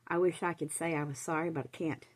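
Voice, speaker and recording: A woman's voice: low-pitched, fairly even intonation, fast talker, rough recording. Woman voicing a sneering, spiteful young woman. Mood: mocking. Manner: sneering, taunting, smooth. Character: mocking, spiteful young woman, the half-sister.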